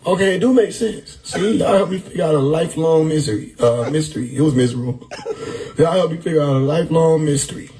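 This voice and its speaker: A man hosting a live stream, riffing loudly on chat comments with frequent laughter and profanity. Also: a little high, a little fast, slight background noise, poor audio. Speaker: livestream host reading chat. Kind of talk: casual livestream chat. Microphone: phone or desktop mic on a live stream.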